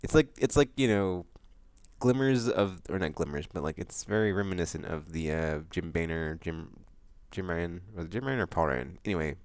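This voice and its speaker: Deep-voiced man rambling casually. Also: moderate pace, smooth, no room sound. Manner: loose, rambling, many fillers and restarts; excitable outbursts about upcoming games. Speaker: vlog host. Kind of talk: casual rambling monthly vlog chat.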